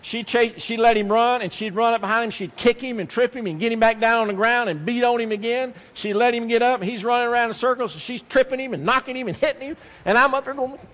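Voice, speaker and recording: High-voiced preacher in a reverberant hall. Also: male voice, fast, hardly any pauses, fairly bright tone. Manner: emphatic, storytelling with acted quotes, repeats phrases. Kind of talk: sermon with personal story.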